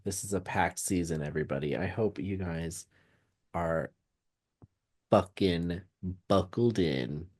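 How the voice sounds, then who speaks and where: Man, casual podcast chat, playful teasing, slow pace. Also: low-pitched, a little mellow. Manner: joking, playful banter. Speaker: podcast co-host.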